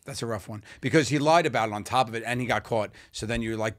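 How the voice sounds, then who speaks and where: A man's voice: mid-range voice, fairly even intonation, fast, fairly bright tone, no room sound. A man co-hosting a comedy podcast, chatting casually, joking and laughing often as he repeats himself. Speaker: podcast co-host.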